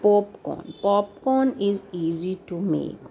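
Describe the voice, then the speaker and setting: A woman reads easy children's stories in a very slow, careful way. Her voice sits low and has a gravelly edge. Behind her is a faint hum of room noise. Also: animated, mellow, low-quality recording. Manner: slow, deliberate reading with little comments and throat clearing. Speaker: English teacher for children. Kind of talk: reading simple stories aloud to kids.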